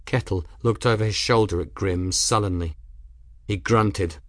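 A man with a lowish voice narrates an audiobook, keeping his storytelling steady and measured. The studio-quality recording has no echo.

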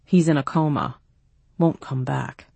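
A woman's voice: low voice, fairly even intonation, a little slow, gravelly, mellow, slightly rough, no echo, full character voice. A woman reading the lines of an earnest, shaken young prince. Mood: bewildered.

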